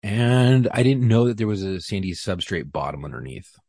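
A man telling a profane, animated story on a podcast, acting out the lines people said. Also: fairly low pitch, normal speed, dry recording, clean studio sound. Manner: profane, animated retelling with acted-out quotes. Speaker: podcast guest. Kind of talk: casual storytelling.

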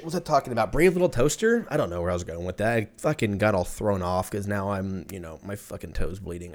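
A man hosting a podcast alone, telling a rambling, profane, self-mocking story in a casual comedic monologue. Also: lowish voice. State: in pain from a stubbed toe. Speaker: podcast host.

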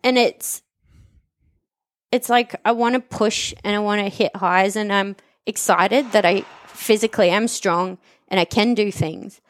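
In casual conversation, a gym member shares her personal recovery story candidly and with emotion. Her voice is medium-pitched, with fairly even intonation and a measured pace.

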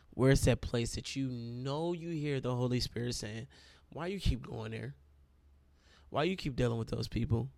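A man's voice: medium pitch, creaky, a little mellow, no echo. A man preaching a sermon in a conversational way, calling his listeners y'all, with an itchy throat.

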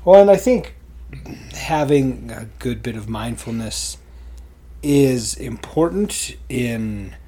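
A man co-hosting a casual talk show, rambling in a relaxed way. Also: mid-range voice, slow, breathy edge. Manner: relaxed and rambling, with lots of fillers. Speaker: podcast co-host. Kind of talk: casual chat.

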